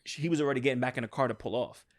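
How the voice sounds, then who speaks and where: A man's voice: medium pitch, rapid-fire. A man telling a long profane story on a casual podcast, acting out what people said. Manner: animated, profane, acts out quotes. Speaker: podcast co-host.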